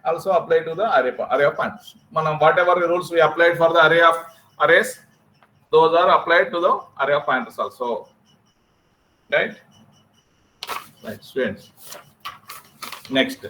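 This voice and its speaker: A man giving a classroom programming lecture, repeating phrases slowly and checking in with his students. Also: on the high side, a bit bright, low-quality recording. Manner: repetitive, drawn-out, checks in with students.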